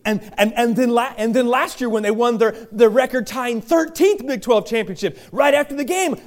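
A middle-aged male pastor preaching a sermon, chatty and joking, swinging from quiet asides to loud shouted bursts. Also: extremely high pitch, moderate pace. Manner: chatty, joking storyteller with many restarts.

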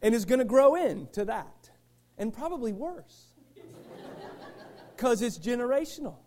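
A middle-aged male pastor, preaching a sermon and switching between shouted passages and quiet asides to the congregation. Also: very high-pitched, sing-song, measured pace.

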